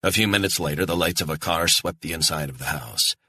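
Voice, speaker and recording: A man narrating a thriller audiobook in a measured, tense delivery. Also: a bass voice, sharp tone, slightly rough, dry recording, studio quality.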